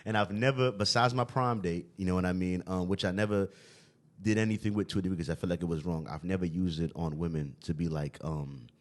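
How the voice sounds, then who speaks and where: Deep fast-talking Brooklyn man. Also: fairly even intonation. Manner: streetwise, fillers like "you know what I mean". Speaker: podcast host. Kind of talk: casual podcast chat.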